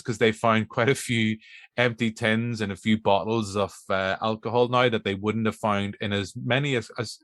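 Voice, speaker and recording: A middle-aged Northern Irish man hosts a film podcast in a loose, rambling chat, poking fun at himself as he goes. His voice sits a little low, and the sound is dry and close. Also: a bit bright, no room sound. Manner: chatty, rambling, self-mocking. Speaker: podcast host. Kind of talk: casual chat.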